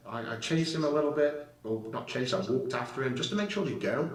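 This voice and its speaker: A man tells a confrontation story in a blunt, heated way and swears freely. His voice sits at a middling pitch. It sounds roomy and distant, like clip audio caught away from the mic. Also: fairly quick, hardly any pauses. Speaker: guest recounting an incident.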